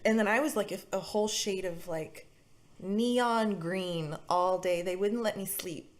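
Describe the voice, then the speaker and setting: A young woman co-hosting a podcast, telling a story in an animated way, laughing and acting out the voices of the people in it. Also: medium pitch, unhurried, crowd noise. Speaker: podcast co-host. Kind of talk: casual storytelling chat.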